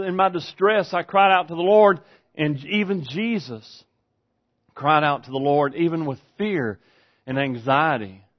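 Preaching man, dull lo-fi recording. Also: fairly high pitch. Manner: swings from hushed to loud preaching, rising to shouts; reads scripture slowly and deliberately. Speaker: pastor. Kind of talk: sermon. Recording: dull lo-fi sound.

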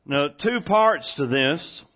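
A man's voice: a little high, lively intonation, takes it slowly. A man preaching a sermon in a church, earnest and repetitive, often restarting his sentences. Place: church room with congregation. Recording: dull lo-fi sermon recording.

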